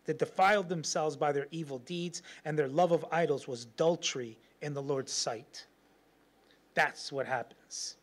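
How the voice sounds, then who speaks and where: Male pastor, sermon, fairly high voice, lively storytelling, frequent laughs. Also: moderate pace. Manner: animated storytelling, laughs often, acts out quotes.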